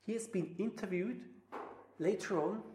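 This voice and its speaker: A woman preaching a sermon, swinging between loud emphasis and near-whispers. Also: mid-range voice, a little slow, background noise. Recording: roomy echo.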